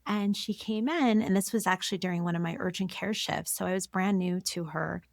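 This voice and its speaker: A woman's voice: lowish voice, fairly quick, creaky, no room sound, clean studio sound. Woman physician host asking long questions. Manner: reflective, builds long questions. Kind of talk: conversational interview.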